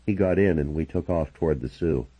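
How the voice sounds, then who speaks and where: A man reading a first-person novel aloud as an audiobook narrator, with a husky voice and a dramatic storytelling delivery. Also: extremely low pitch, fairly quick, highs cut off.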